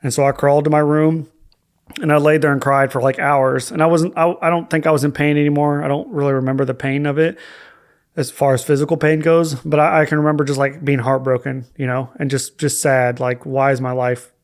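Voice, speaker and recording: A man speaking as a podcast guest, telling a personal story in a halting way with many restarts and fillers. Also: on the high side, little pitch movement.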